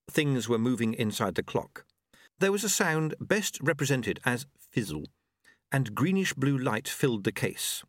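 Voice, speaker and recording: A man narrating a novel in an expressive storytelling manner. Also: mid-range voice, unhurried, dry recording, clean studio sound. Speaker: audiobook narrator. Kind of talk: scripted narration.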